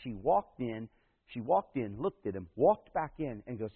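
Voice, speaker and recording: A man preaches with a slightly husky voice, rising to loud, emphatic peaks as he tells a story from his church. His voice comes through a narrow, tinny, phone-like recording. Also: mid-range voice, expressive, fast talker, long reverb tail. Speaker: pastor. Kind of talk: sermon.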